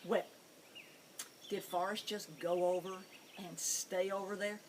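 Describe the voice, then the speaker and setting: Animated woman telling pet stories. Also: on the low side, takes it slowly, a little hiss or hum. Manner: animated, amused storytelling. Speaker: pet psychic show host. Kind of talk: storytelling monologue.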